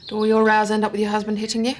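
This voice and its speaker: An actress playing a gentle, probing policewoman. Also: mid-range voice, completely flat delivery, rapid-fire, natural voice. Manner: firm but gentle questioning. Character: calm, probing woman police officer. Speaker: police officer. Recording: old TV drama audio with faint noise.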